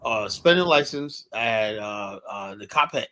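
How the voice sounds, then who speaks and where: A man's voice: on the low side, animated, a little slow, bright, forceful tone. A man telling long, rambling stories in a heated casual debate, swearing freely and tagging nearly every sentence with 'right?'. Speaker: panelist.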